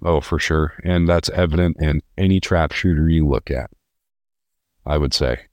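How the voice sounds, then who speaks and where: A man's voice: extremely low pitch, normal speed, no room sound, studio quality. A young man from California, a podcast guest telling stories in an earnest, rambling way with many restarts. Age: young adult. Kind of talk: casual interview.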